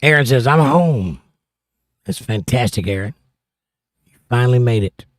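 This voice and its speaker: A man's voice: mid-range voice, animated, moderate pace, no room sound. Southern guy hosting a live stream, reads chat out and jokes back, plain dry sound. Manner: joking, reads viewer comments aloud and answers them. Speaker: livestream host. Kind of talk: casual chat.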